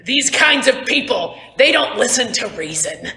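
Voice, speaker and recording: A young woman voicing a thick-headed, bigoted male militia captain in a tabletop game, shouting threats and insults. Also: extremely high pitch, sing-song, unhurried, gravelly, pitched above the performer's own voice, heavily acted. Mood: menacing. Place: school room. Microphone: phone. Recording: echoey room, phone mic.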